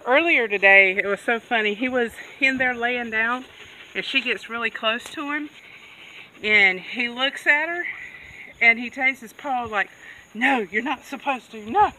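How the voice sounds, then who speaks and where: Background noise comes through a distant outdoor mic as a goat farmer vlogger chats in her farm vlog, often laughing and coaxing her animals. Her high-leaning voice is pushed and bright, and she speaks a little slowly.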